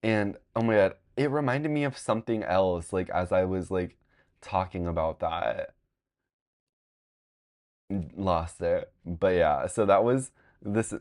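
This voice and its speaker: A young man from Long Beach, California, spins a loose, meandering personal story as host of his own show. His voice sits on the lower side, and he fills every pause with "like" and drops casual swears along the way. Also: darkish tone. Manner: rambling, heavy on "like" fillers, frequent swearing. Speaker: podcast host.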